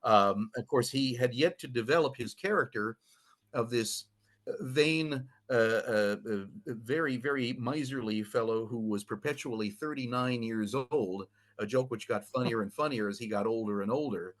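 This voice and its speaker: A man, a film historian guest on a podcast, telling anecdotes in an animated way with many fillers. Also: mid-range voice, normal speed. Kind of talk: podcast storytelling.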